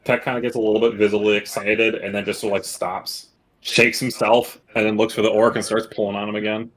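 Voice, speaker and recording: A man playing a tabletop game, describing his character's actions in an expressive way. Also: fairly low pitch, brisk. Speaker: player. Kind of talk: casual game talk.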